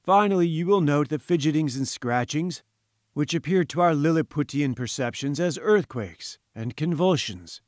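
A man's voice: a little high, lively intonation, moderate pace, dry recording, clean studio sound, close to an everyday voice. A man playing a pompous lecturing professor. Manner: patronizing, lecturing, grandiose. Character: pompous, condescending male professor-scientist. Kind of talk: audiobook character voice.

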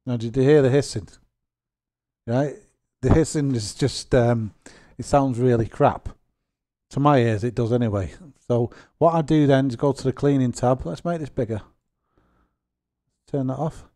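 Chatty man with a mellow voice. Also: mid-range voice, moderate pace, long pauses. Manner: chatty and rambling, with self-deprecating jokes. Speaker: gaming channel host. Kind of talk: software tutorial narration.

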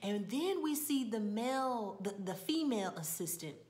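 A woman's voice: on the high side, lively intonation, moderate pace, darkish tone. A woman casually recapping a television episode in a conversational storytelling way, with side remarks and occasional drops to a whisper. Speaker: TV episode reviewer.

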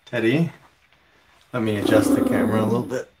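A man hosting a casual livestream from home, reading viewer comments aloud in a relaxed way. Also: fairly low pitch, very noisy. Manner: slow, relaxed, reads chat comments aloud. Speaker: livestream host.

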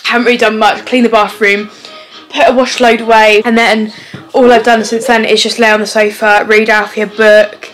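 A woman's voice: on the high side, level tone, normal speed, a bit bright, faint music behind, rough recording. A young woman chatting casually to camera at home, rambling with lots of "like". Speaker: vlogger, mum. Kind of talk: casual vlog chat to camera. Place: at home, indoors.

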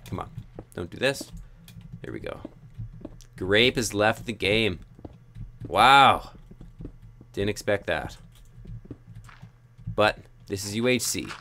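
Young male gamer, low gravelly voice, mutters and yelps through play; faint hiss behind. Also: animated, measured pace, long pauses, fairly bright tone. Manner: frustrated self-talk with sudden yelps. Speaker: gaming YouTuber. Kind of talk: live gameplay commentary.

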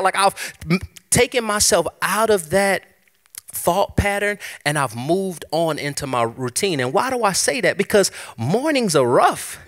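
Pastor, male, sermon delivery, higher voice, swings a lot in pitch, conversational and personal. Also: a little slow. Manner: conversational preaching, animated and personal. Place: church service.

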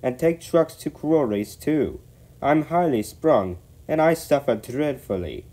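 A man's voice: mid-range voice, animated, moderate pace, dark tone, voice pushed up, close to an everyday voice. A man voicing a lazy, grumbling male tank engine who whines and makes excuses. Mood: sheepish whine. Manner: whiny, sheepish.

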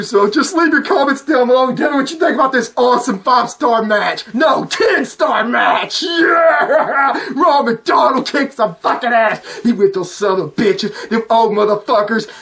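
A man hosting a reaction channel who yells, swears and laughs through his commentary, and whose voice is going hoarse. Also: very high-pitched. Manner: loud, profane, shouting and laughing often. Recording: wrestling video's music and crowd playing underneath. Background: music and crowd noise from the watched video.

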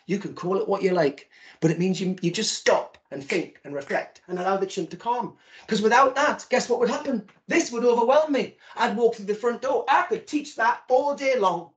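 Male keynote speaker, animated comic storyteller with a lively voice, on a video call. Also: sits high, normal speed, muffled recording. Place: virtual event.

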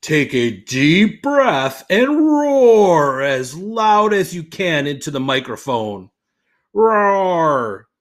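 A man putting on a stern lion teacher from a children's storybook, gruff and hard to impress. He speaks in short, clipped verdicts and lets his pitch climb and drop a lot. His delivery is slow and deliberate. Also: very animated, heavily acted. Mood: instructing.

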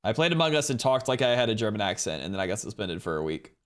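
A man chatting casually with viewers on a live stream from home, rambling and excitedly thanking people. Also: lowish voice, quick pace.

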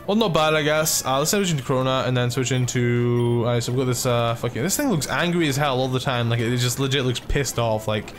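A man chats loosely through a game playthrough, excitable and quick to swear, stringing his thoughts together with lots of filler. His voice sits at a middling pitch. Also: faint music behind. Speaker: let's play gamer. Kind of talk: casual gaming commentary.

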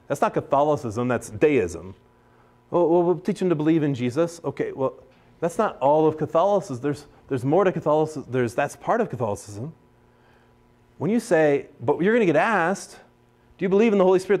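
A man's voice: mid-range voice, a little mellow. An American man, a priest, teaching a class in a casual, chatty way, with many restarts and acted-out quotes of other people.

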